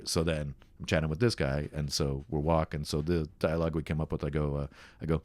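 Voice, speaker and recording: A man's voice: rumbling low, fast talker, no room sound. A Canadian man, a comedian guest on a podcast, telling a story casually and acting out the voices of the people in it. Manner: animated, acts out voices.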